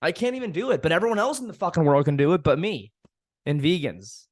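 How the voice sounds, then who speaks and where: A young man hosts a casual solo podcast monologue, venting frankly with frequent swearing and laughing at himself. His voice sits on the high side, expressive and fast. The studio recording is clean with no echo.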